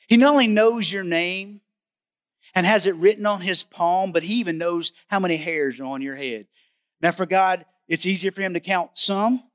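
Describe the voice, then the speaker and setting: A man's voice: on the high side, a bit bright. A male pastor preaching a sermon in a conversational, emphatic way, often asking the listeners questions.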